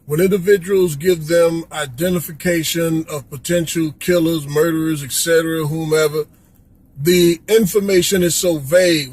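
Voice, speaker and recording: A man's voice: on the high side, fairly even intonation, moderate pace, darkish tone, no echo, low-quality recording. A middle-aged man from Chicago, delivering an impassioned, pleading rant as a vlogger and repeating "come on, man.". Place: Florida.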